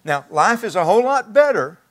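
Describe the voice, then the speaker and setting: A male pastor delivering a sermon in a relaxed, conversational manner, circling back and restarting as he thinks aloud. His voice sits a little higher than most men's. He speaks to his congregation in a church. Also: brisk. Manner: conversational, folksy preaching with restarts.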